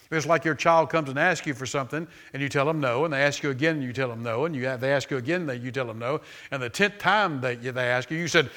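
A man preaching a sermon in a church, emphatic and repeating phrases for stress, rising to loud exclamations. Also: on the high side.

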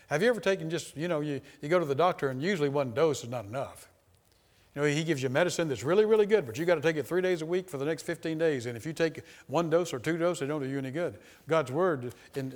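Guy preaching a sermon, keeps repeating himself for emphasis, goes loud then quiet, big echoey hall. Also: on the high side. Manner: emphatic, repetitive, shifts between loud and hushed.

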